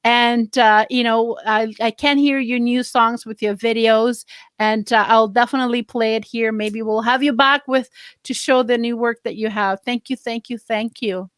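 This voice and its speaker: A woman's voice: a little high, fairly even intonation, normal speed, fairly bright tone, no echo, clean studio sound. A woman hosting a casual online interview show, chatty and effusive with lots of fillers. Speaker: host.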